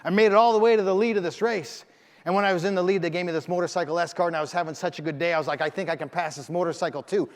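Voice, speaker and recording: A man's voice: high voice, fairly even intonation, very fast. A man giving a motivational keynote, telling a story with emphasis and acting out the lines of the people in it. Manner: emphatic, acts out dialogue in the story. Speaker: keynote speaker. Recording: long hall reverb.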